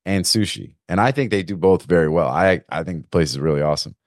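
Joking laid-back host with lowish voice. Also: male voice, quick pace, no room sound, studio quality. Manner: loose, joking, full of fillers and slang. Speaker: podcast host. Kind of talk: casual chat. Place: Florida.

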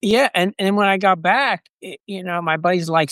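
A man's voice: a little high, a little fast, hardly any pauses, pushed and bright, dry recording, clean studio sound. A man in casual chat, telling a self-deprecating anecdote with quoted dialogue.

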